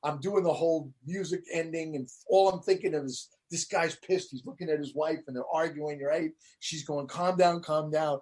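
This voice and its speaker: Husky man telling lively stories. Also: a little high, moderate pace, few pauses. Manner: animated storyteller, acts out quotes. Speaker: interview guest, comedian. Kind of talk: casual storytelling chat.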